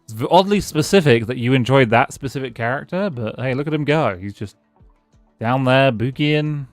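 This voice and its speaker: A man's voice: mid-range voice, lively intonation, moderate pace, no echo, faint music behind. A man streaming a game live, rambling casually and answering his chat as he plays. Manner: rambling, chatty, answers chat and thanks followers.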